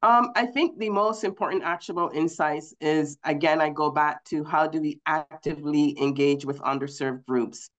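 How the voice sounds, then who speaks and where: A woman speaking on a conference panel, congested from a cold and a bit out of breath, measured with frequent ums. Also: deep voice.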